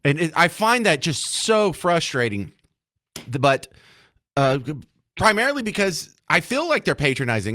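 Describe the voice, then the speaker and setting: A man's voice: on the high side, moderate pace, no echo. A man hosting a talk radio show, delivering an opinionated, sarcastic monologue. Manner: sarcastic, mocking, animated.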